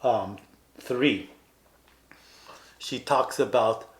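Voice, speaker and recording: A man's voice: mid-range voice, very slow. A man co-hosting a podcast in casual chat, earnestly retelling film scenes and acting out the characters' lines. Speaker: podcast co-host.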